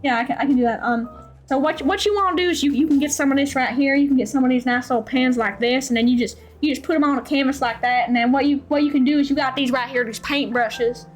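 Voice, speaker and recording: A folksy painter with a put-on Southern U.S. drawl, as a woman plays him. The voice sits high and keeps dropping little words in a homespun way. Faint music plays in the background. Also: fast talker, lightly acted.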